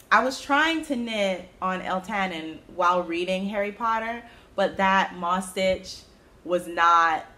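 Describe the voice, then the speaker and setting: Chatty woman with a low voice. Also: sharp tone. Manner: chatty and self-amused, with sudden high-pitched exclamations. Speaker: knitting podcast host. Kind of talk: casual chat.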